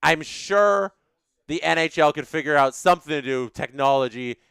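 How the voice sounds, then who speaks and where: Male stream host, slightly higher voice, smooth and clear; opinionated, repetitive chat-reading rants. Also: moderate pace, a bit bright, no echo, clean studio sound. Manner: opinionated ranting, repeats phrases. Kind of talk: live-stream commentary reading viewer chats.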